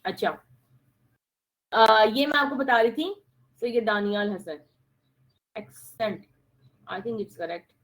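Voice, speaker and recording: A woman's voice: fairly high pitch, animated, racing, long pauses, rough recording. A woman teaching an online class, mixing with Hindi-Urdu phrases and speaking as she addresses her students directly. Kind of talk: online English lesson.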